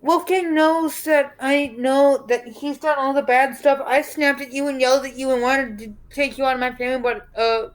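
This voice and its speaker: A woman's voice: sits high, fairly even intonation, moderate pace, few pauses, poor audio. A woman playing her character in a tabletop game, speaking in a frightened, apologetic way. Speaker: player.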